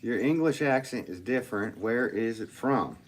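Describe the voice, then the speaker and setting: A man's voice: mid-range voice, animated, moderate pace. A man from Connecticut with a Connecticut accent, a potter hosting a livestream from his studio, reading viewer comments and joking at his own expense. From Connecticut, USA. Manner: chatty, joking, self-mocking, restarts often.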